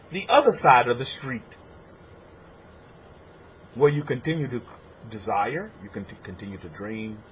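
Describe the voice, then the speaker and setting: A man preaching a sermon as a rabbi, animated and repetitive. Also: medium pitch, lo-fi sound, slight background noise. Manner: animated preaching, acts out congregants' voices.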